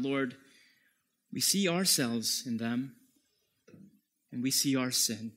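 Slow, emphatic male pastor. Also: medium pitch. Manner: slow, emphatic preaching that drops to a hushed whisper. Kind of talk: sermon.

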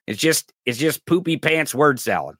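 High-voiced, profane ranting male host. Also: very animated, normal speed, fairly bright tone, breathy edge, no room sound, clean studio sound. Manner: profane, angry and sarcastic ranting. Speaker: podcast host. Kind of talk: political commentary rant.

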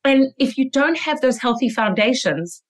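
A woman's voice: sits high, animated, normal speed. A woman hosting a casual podcast interview, enthusiastic and affirming. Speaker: podcast host.

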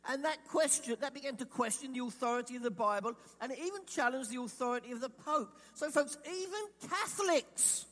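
A man from England preaching with an animated delivery and a strikingly high voice. He acts out the questions of imagined listeners. His voice carries a long reverb, like a big hall. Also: quick pace, hardly any pauses. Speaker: pastor. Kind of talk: sermon.

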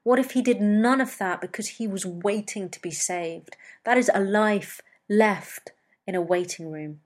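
A woman giving a reflective spiritual talk as a teacher, measured and repeating phrases for emphasis. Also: medium pitch, darkish tone.

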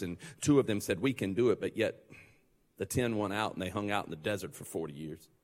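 A male pastor preaching a sermon, joking and conversational, then building to loud, fervent passages. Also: lowish voice, brisk, long reverb tail.

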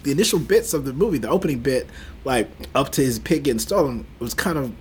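A man's voice: mid-range voice, fast, a little hiss or hum. A man in a casual podcast chat, stammering at times and acting out scenes as he retells them. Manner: animated, stammering, acts out quotes. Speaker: podcast co-host. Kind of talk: casual movie discussion.

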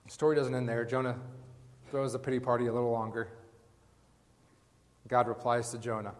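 Pastor, male, mid-pitched, preaching casually to a congregation with questions and quips, long hall reverb behind him. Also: flat delivery, brisk. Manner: casual preaching, asks the congregation questions, mock-quotes Jonah. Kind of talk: sermon.

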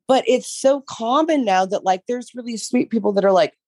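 Hoarse woman on a podcast, rambly and sweary, dry close sound. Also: a little high, moderate pace, no room sound. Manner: rambling, profane, animated. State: losing her voice. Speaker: podcast co-host, dog trainer business coach. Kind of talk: casual podcast chat.

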